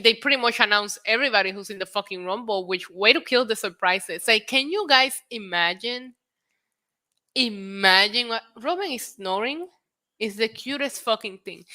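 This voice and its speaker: A woman's voice: medium pitch, sharp tone. A woman with a New York accent hosting a casual wrestling news livestream, chatting freely, swearing and laughing as she reads headlines and viewer comments. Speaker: wrestling talk show host.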